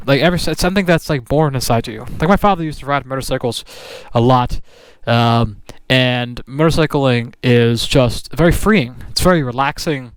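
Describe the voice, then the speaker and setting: A man's voice: on the high side, smooth, no echo. A man vlogging about motorcycles in a casual, rambling chat with lots of restarts. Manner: rambling, with many restarts and fillers. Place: riding or parked outdoors on a motorcycle.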